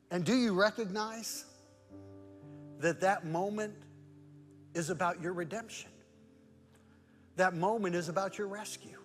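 A man preaching a sermon as pastor, moving between loud emphatic rhetorical questions and soft, hushed prayer. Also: high-pitched, measured pace, pauses often, big-room sound, soft background music. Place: church sanctuary.

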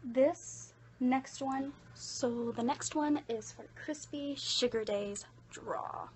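Chatty Irish woman with a slightly high voice. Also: takes it slowly, a little mellow, slight background noise. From Ireland. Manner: chatty and self-deprecating. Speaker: hobby voice actor. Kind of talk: casual voice-acting vlog.

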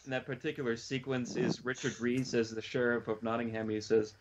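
A man's voice: medium pitch, level tone, fairly quick, few pauses, muffled recording, a little hiss or hum. A man hosting a casual movie chat, rambling and teasing with many restarts. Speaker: podcast host.

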